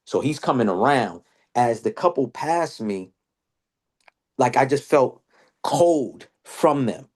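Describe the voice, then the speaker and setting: A man telling a story in casual podcast chat. His voice sits at a middle pitch, and it leaps up when he quotes others. He talks loose, slangy and animated. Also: slow, long pauses. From Boston area. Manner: animated storyteller, slang-heavy, jumps high when quoting people. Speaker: podcast host.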